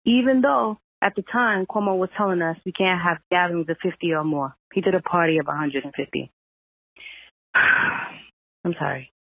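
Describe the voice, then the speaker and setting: A fired-up woman with a thick New York accent rants into a voicemail, swearing and scolding. Her voice sits a little low and comes across husky. It all rides a dry, narrow, phone-like line. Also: moderate pace, no room sound. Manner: angry profane rant. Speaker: caller. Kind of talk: venting voicemail.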